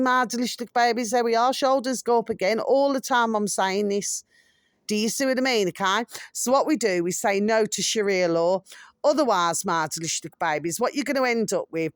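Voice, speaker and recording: A woman's voice: mid-range voice, no room sound, studio quality. A middle-aged woman from South Africa hosting a casual opinion monologue, chatty and repetitive, fond of endearments for her viewers. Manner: chatty, repeats "my delicious little babies". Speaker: channel host.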